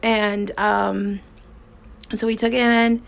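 A woman speaking slowly with a gravelly, creaky edge to her voice. She hosts her own podcast and tells a personal story candidly and casually. She swears freely and often stops to restart a sentence. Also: medium pitch, flat delivery. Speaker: podcast host.

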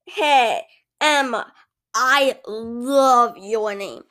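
A man voicing an overly cheerful male fast-food worker, gushing in a high, slow sing-song. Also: sharp tone, full character voice.

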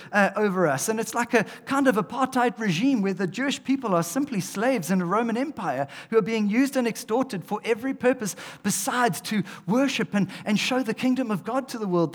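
A man preaching a sermon, animated, swinging between loud emphasis and hushed asides. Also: high voice. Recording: long hall reverb.

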